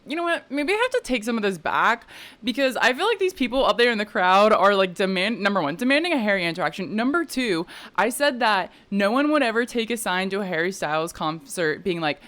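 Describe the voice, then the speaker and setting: A woman's voice: mid-range voice, animated, brisk, a bit bright. A woman co-hosting a podcast, telling a fan story in casual chat, rambling with lots of "like". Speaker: podcast co-host.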